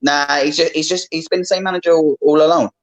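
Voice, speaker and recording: A man's voice: on the high side, fairly even intonation, quick pace, poor audio. A man calling in as a fan, talking earnestly with frequent restarts. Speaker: caller. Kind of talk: fan phone-in chat.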